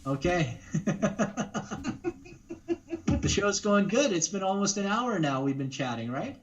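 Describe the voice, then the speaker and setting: Male guest voice actor, higher-pitched and jokey, heard through a dull lo-fi line. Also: sing-song, slow. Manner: jokey, breaks into silly voices and songs. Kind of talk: casual chat.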